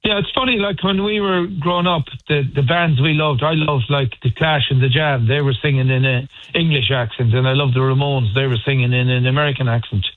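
A man who plays in a band, chatting casually in a radio interview and telling stories with halting restarts, heard over a phone line. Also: medium pitch, steady tone, no room sound. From Ireland. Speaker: band member guest.

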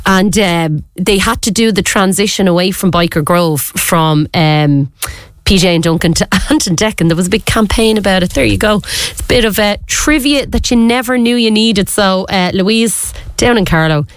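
A woman's voice: medium pitch, moderate pace, dry recording. An Irish woman hosting a radio show in casual chat, chatty and rambling, often stopping to correct herself. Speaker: radio host. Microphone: studio microphone.

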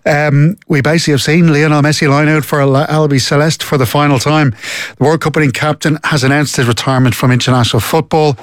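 An Irish man co-hosting a podcast, telling stories in a chatty way and reading sports news in a steady run. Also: on the high side, fast talker, no room sound, studio quality. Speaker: podcast co-host.

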